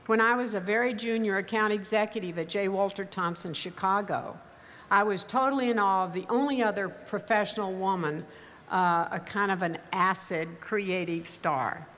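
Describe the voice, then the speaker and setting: An older woman with a mild Texas accent, giving a commencement speech in a measured, wry storytelling manner. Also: mid-range voice, fairly bright tone. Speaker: commencement speaker. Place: large ceremony venue. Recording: reverberant hall, faint ambience.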